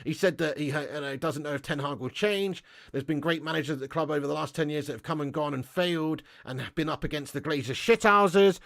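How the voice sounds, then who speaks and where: A man's voice: a little high, fairly quick, gravelly, few pauses, a bit bright. A young man hosting a football fan live stream, chatting casually with viewers in a banterous, sweary way and chuckling between points. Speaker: fan channel host.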